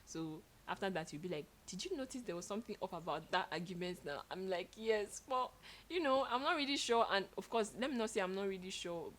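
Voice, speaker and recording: A young woman telling stories in a casual chat with her partner, expressive and animated, laughing as she goes. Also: medium pitch, a little fast, few pauses, slight background noise. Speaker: co-host.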